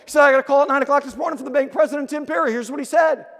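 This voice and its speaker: A middle-aged man giving an energetic motivational keynote speech in a large conference hall, telling stories and acting out the dialogue. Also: very high voice, racing. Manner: energetic, storytelling with acted-out dialogue. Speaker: keynote speaker. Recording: long hall reverb.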